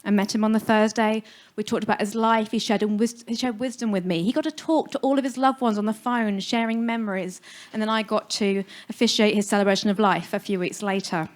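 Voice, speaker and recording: A woman's voice: mid-range voice, steady tone, a little fast. Frank woman giving a talk. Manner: frank, humorous, direct. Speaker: funeral celebrant. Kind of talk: live stage talk. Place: live music venue stage.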